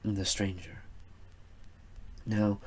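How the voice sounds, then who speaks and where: A man narrating a first-person story in a measured, reflective way. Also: fairly low pitch, little pitch movement.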